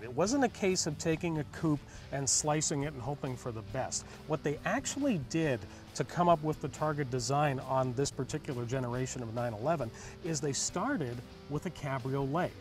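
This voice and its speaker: A man co-hosting a car review show, explaining features in an enthusiastic, chatty way. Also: fairly high pitch.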